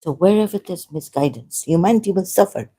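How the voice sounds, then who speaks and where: A woman's voice: on the low side, lively intonation, fairly quick, warm tone, slightly rough. A woman talking in an unscripted monologue as an online commentator, impassioned and rambling, often repeating herself.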